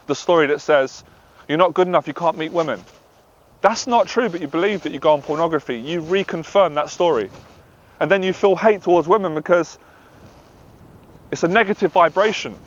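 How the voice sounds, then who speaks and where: A man, a dating and anxiety coach, speaking earnestly and confessionally, sometimes acting out the voice in his head. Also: fairly high pitch. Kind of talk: direct-to-camera monologue. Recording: slightly dull lo-fi audio.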